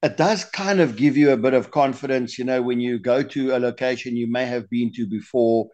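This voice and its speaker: A man being interviewed speaks with a South African accent in a chatty, rambling way. He often stumbles over his words and restarts before he finishes a thought. His pitch sits in the middle range for a man. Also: fairly quick, a little mellow, lo-fi sound. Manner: chatty, repeats words while searching for them. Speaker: guest, lure designer. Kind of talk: podcast interview.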